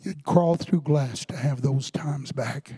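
A man preaching a fervent sermon in a church sanctuary, rising to shouts. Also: medium pitch, slow, husky, dry recording. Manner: fervent Southern-style preaching, building to shouts.

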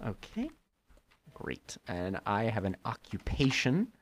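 Laid-back young man with lively pitch. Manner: laid-back, reads aloud haltingly, swears. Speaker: podcast co-host. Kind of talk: casual chat.

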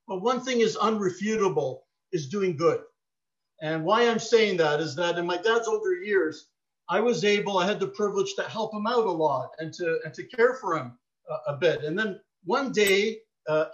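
A middle-aged man preaches with a notably high voice. He tells personal stories in a heartfelt way, dropping soft and then rising to emphasis. The recording sounds dull and lo-fi. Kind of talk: sermon.

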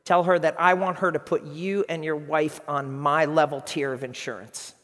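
A man voicing a gruff, blunt middle-aged boss who talks loudly and sounds incredulous. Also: fairly high pitch, fairly even intonation, moderate pace, big-room sound, natural voice. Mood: commanding.

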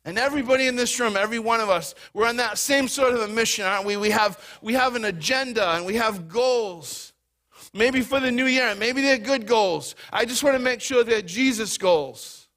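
A man with a high, bright voice preaches to his congregation in a church. He speaks in an energetic, conversational way, with quick bursts of words. His tone is edgy and forceful. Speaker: pastor. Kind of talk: sermon. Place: church hall before a congregation.

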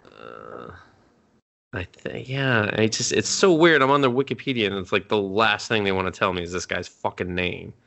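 Young dude on a podcast, kinda low voice, rambling and cussing a lot while recapping stuff. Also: male voice, lively intonation, moderate pace, gravelly, bright, forceful tone. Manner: rambling, swears freely, retells scenes with quoted lines. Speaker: podcast co-host. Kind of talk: casual chat recapping anime.

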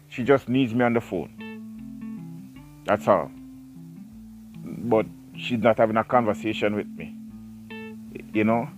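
A man's voice: on the low side, moderate pace, dull audio. A man hosting a casual solo podcast, reading a book aloud and breaking off into self-mocking, rambling asides. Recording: clear music playing behind the voice.

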